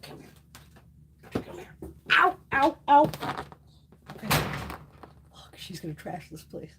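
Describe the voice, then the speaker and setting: A woman hosting a casual beauty livestream, chatting with viewers, swearing freely and coaxing her cat in a high sing-song voice. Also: very animated, takes it slowly, noisy background.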